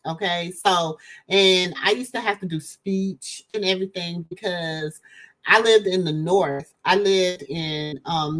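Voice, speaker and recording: Slow-talking woman with a Southern drawl. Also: on the low side, a bit bright. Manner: rambling, talks straight to viewers, leans on slang. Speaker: show host reacting to viewer comments. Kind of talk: casual commentary chat.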